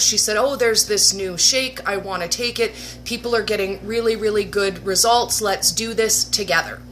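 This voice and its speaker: Bright-voiced woman telling her story. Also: mid-range voice, slight background noise. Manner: animated, laughing, mock-dramatic asides. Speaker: livestream host. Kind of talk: casual personal storytelling. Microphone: webcam or phone livestream.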